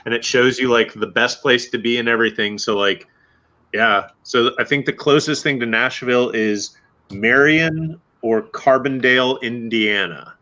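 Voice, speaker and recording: A man's voice: medium pitch, normal speed, sharp tone, highs cut off. A man from Michigan in casual, rambling chat as co-host, swearing now and then.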